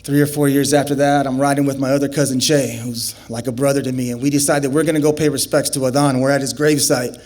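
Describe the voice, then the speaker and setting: A young adult man telling a personal story on stage, acting out the dialogue with big, animated swings that climb into high, excited shouts. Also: quick pace, hardly any pauses.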